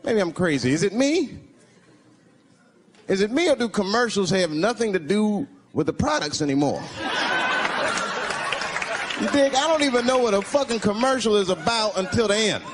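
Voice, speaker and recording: Animated, profane male stand-up comic. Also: sits high, moderate pace, pauses often. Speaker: stand-up comedian. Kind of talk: stand-up comedy. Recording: live show with audience laughter and noise. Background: audience laughter.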